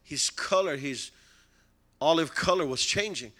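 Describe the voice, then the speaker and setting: A man preaching a storytelling sermon, animated, with broken-English phrasing and frequent chuckles. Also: on the high side, a little slow.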